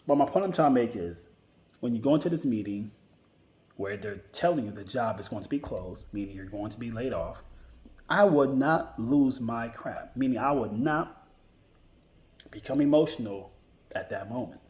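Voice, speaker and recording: A man's voice: mid-range voice, lively intonation, moderate pace, darkish tone. A man giving casual career advice to his viewers, emphatic, repeating his key points and often restarting his sentences. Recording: roomy echo.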